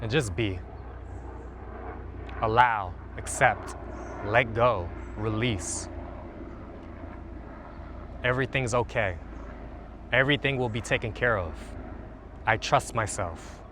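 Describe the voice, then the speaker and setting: A man with a lowish voice leads a guided relaxation session, speaking slowly and soothingly. He sounds calm and unhurried. A faint hiss of background noise sits under his voice. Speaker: stretch and relaxation instructor.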